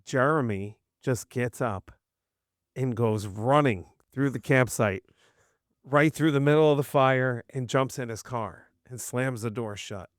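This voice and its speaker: A man's voice: medium pitch, a little slow, dry recording, clean studio sound. A middle-aged man telling a wild story in casual chat, swearing and acting out what others said. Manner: animated, acts out quotes in raised voices, swears, giggles.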